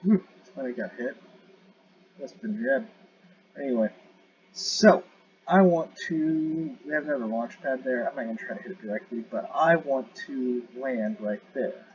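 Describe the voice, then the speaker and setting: A man's voice: medium pitch, moderate pace. A man giving casual, rambling commentary while playing a space game, correcting himself and joking as he goes. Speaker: gamer showing a space game. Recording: dull lo-fi audio with clear noise.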